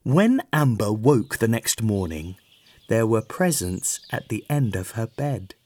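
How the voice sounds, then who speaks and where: A man reading a children's bedtime story aloud in an expressive, sing-song way. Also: lowish voice, unhurried. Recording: soft music underneath.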